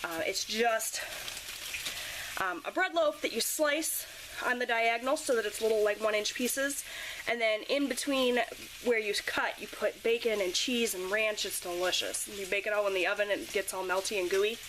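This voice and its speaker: A woman's voice: medium pitch, moderate pace. A woman in her thirties, a mother, chatting casually to camera in her home kitchen with lots of ums. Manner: chatty, rambling, frequent ums. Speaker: vlogger, mother. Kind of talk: casual vlog talk to camera. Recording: noisy home video recording.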